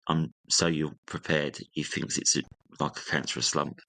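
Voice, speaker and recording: A young man speaks in a low voice, casually recounting a personal story. He animates it by acting out what his relatives said. The recording is close and dry. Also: moderate pace, no room sound. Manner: animated retelling, acting out family members' lines. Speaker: guest.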